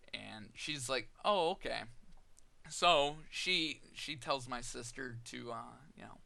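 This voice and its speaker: Gravelly, bright-toned man telling a personal story. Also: mid-range voice. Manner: halting, many "you know" fillers and restarts. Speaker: vlogger.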